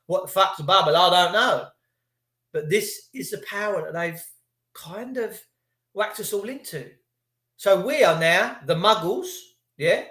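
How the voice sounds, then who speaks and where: A man rants furiously into his livestream, cursing freely and mocking people in put-on voices. His tone is bright and cutting. The room around him sounds echoey. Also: sits high, a little slow. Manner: swearing, mocking, acts out voices. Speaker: livestream ranter. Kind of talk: angry livestream rant.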